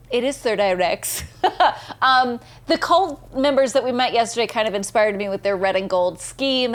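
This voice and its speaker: Bubbly woman streamer chatting with viewers. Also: a little high. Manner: bubbly, laughs often, reads viewer messages aloud. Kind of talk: casual live-stream chat while gaming.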